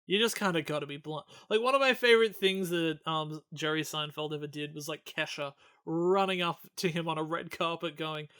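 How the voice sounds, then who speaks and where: A man's voice: fairly high pitch, a little fast, few pauses, sharp tone, clear, resonant tone. A man in his twenties co-hosting a podcast, chatting casually in a sarcastic, mock-earnest way. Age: 20s. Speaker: podcast co-host. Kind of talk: casual chat, film review.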